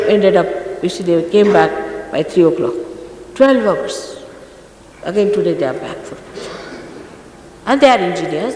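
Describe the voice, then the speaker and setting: A woman's voice: mid-range voice, darkish tone. An older woman from India, giving an informal spiritual talk to her followers, exhorting and scolding them with rhetorical questions. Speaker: spiritual teacher. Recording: echoey hall archive recording with faint hiss.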